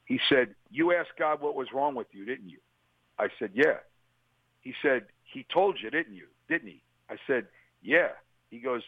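A man's voice: mid-range voice, normal speed, no echo. An older man, a guest telling his personal testimony and acting out what people said. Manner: storytelling, acts out quotes. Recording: tinny phone-like line.

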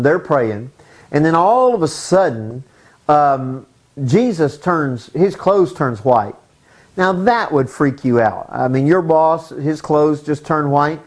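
A man's voice: fairly high pitch, a little mellow. A man teaching a sermon from the Bible, earnest and casual, bringing the scenes to life with vivid retellings.

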